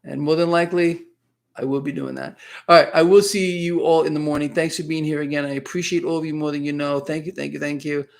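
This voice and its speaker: A man's voice: a little high, steady tone, quick pace, creaky. A man hosting a casual live stream, chatting in a rambling way and reading viewer comments aloud.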